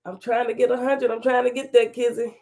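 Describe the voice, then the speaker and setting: Woman livestream host, kinda high gravelly voice, folksy and chatty, greeting everybody by name, still a lil under the weather. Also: little pitch movement, brisk, mellow. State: recovering from illness, voice slightly off. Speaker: talk show host. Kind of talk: casual livestream chat greeting viewers.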